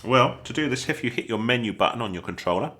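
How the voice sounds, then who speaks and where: A man's voice: medium pitch, animated, quick pace, pushed and bright. An English man with a chatty, jokey manner, talking viewers through a video game as a tutorial host. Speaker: gaming channel host. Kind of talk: gameplay tutorial commentary.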